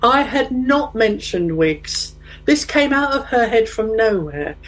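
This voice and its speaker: A woman's voice: a little high, slow, poor audio. A middle-aged woman chatting casually, telling a funny anecdote and acting out the people in it. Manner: animated storyteller who acts out quotes. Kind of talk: casual chat, storytelling.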